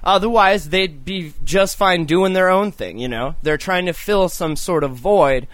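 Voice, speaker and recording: A man's voice: sits high, unhurried, fairly bright tone, dry recording. A young man co-hosting a podcast, talking casually in a blunt, profane, rambling way full of "like". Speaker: podcast co-host. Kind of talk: casual chat.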